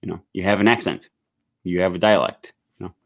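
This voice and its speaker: A man hosting a casual livestream at home, reading viewer comments aloud and chatting about them, with many fillers and a relaxed, meandering way of talking. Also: sits low, fairly quick. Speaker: livestream host.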